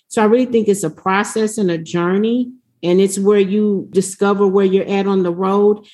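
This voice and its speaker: A woman speaking on a panel in an emphatic, conversational way. Her voice sits at a middle pitch, and she repeats words to press her point. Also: steady tone, moderate pace, a little mellow. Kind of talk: panel discussion.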